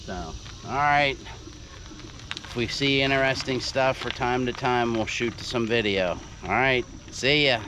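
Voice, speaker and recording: An American man vlogging outdoors on a bike trail, halting with lots of fillers, a bit out of breath. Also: medium pitch. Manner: rambling, halting, with many fillers. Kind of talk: casual outdoor vlog narration. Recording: heavy wind noise on outdoor mic.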